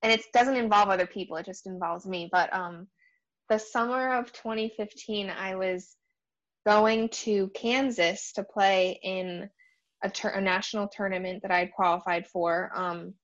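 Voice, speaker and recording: A woman's voice: medium pitch, steady tone, normal speed, fairly bright tone. A young adult woman from Rhode Island telling a story as a guest golfer, hesitant, with many "um"s. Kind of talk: casual storytelling. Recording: dull lo-fi sound.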